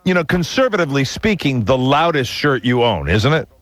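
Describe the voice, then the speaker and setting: A man's voice: medium pitch, sing-song, brisk, fairly bright tone, no echo. A man co-hosting a radio talk show, prodding his partner with wry, teasing questions. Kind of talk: casual radio banter.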